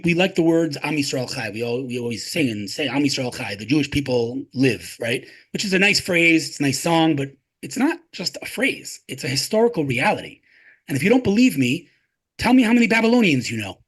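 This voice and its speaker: A man speaking as an interview guest, fired up and racing through his points with a raised, lively pitch that swings widely. His voice has a slightly husky edge, and he drives each argument with rhetorical questions and repeated lines. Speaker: guest, tech advocate. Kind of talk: passionate interview talk.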